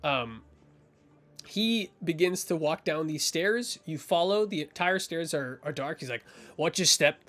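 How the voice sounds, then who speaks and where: A man's voice: fairly high pitch, lively intonation, measured pace, fairly bright tone. A man narrating as game master in a rambling way, full of fillers and restarts.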